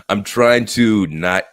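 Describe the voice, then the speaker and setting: A male podcast host with a very deep voice chats loosely and laughs at his own slip-ups. The sound is dry and close. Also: drawn-out words, fairly bright tone, no room sound. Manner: laughs at himself, loose and chatty. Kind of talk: casual chat.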